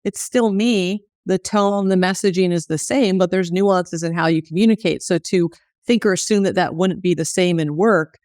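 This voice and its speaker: A woman's voice: fairly low pitch, moderate pace, a little mellow, dry recording, studio quality. Thoughtful woman interview host. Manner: thoughtful, searching for words. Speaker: podcast host. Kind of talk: interview questions and reflection.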